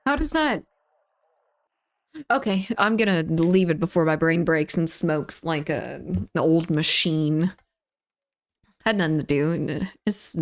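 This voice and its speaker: A woman live-streaming a shooter game, chatting playfully with her chat, reading messages aloud and teasing viewers. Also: low voice. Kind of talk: casual live-stream chat while gaming.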